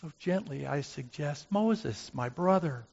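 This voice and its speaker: A man's voice: mid-range voice, lively intonation, gravelly, dull audio, heavily acted. A man playing a humble, musing biblical brother. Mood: reflective. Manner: slow, musing, pleading gently. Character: gentle brother of Moses, who made the golden calf, humble and reflective. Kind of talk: dramatic monologue.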